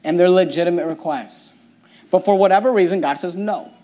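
A high-pitched male pastor preaches a sermon and reads scripture, swinging between quiet, slow passages and loud, impassioned ones.

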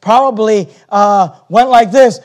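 A man preaching from the pulpit in a high, ringing voice. He leans hard on scripture lines and stretches out the words he wants to land. Then he rattles off quick side remarks to the congregation. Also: darkish tone. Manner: preaching, reading King James scripture aloud with emphasis; slows down to stress key words, rushes asides. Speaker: pastor. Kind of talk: sermon.

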